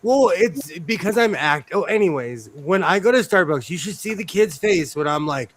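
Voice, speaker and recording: A man's voice: high-pitched, expressive, moderate pace, hardly any pauses, fairly bright tone, a little hiss or hum. A man chatting casually as a guest, jokey and self-mocking, often laughing.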